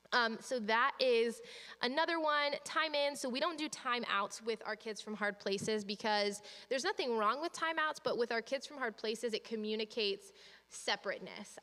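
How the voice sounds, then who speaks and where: A woman's voice: a little high, a bit bright. A woman leading a training session for parents, talking practically and reassuringly and acting out little exchanges between parent and child. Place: church hall. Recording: long hall reverb.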